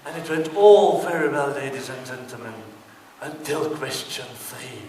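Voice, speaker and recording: On a theatre stage before an audience, a British man performs a stand-up comedy monologue, telling his story with mock indignation. His mid-range voice is a little mellow and moves at normal speed. The recording is distant and echoey, with long reverb from the hall and a slight hiss or hum.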